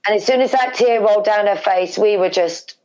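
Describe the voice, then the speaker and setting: A woman's voice: mid-range voice, brisk, dull audio. A middle-aged woman from England, telling an emotional family story as an interview guest, repeating words and acting out what people said. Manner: animated, repeats words, acts out family dialogue.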